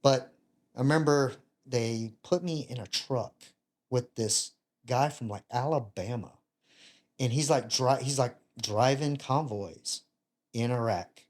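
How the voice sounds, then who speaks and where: A middle-pitched man in his fifties spins a casual, lively anecdote, slipping into other people's lines as he retells them. His humor is self-deprecating, and the delivery stays loose and conversational. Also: takes it slowly. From United States. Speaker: podcast guest, retired Navy bomb disposal chief. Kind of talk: casual storytelling.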